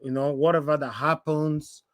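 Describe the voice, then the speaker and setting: A man's voice: a little high, moderate pace, no room sound. A man with a Nigerian accent hosting an online panel talk, chatty and repeating phrases for emphasis, now and then slipping into pidgin. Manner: animated, repeats himself for emphasis, slips into pidgin. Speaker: host of an online panel show. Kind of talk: casual live-stream talk.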